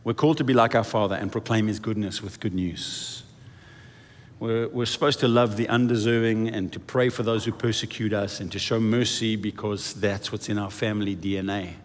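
A man preaching a sermon in an animated way, swinging his pitch and volume as he acts out quoted voices. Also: normal speed. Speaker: pastor. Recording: echoey hall reverb.

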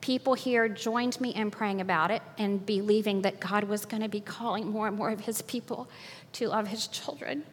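An older woman giving a personal faith testimony at church, animated and often laughing, acting out what others said. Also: mid-range voice, moderate pace, in a large hall, a little hiss or hum. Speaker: church speaker.

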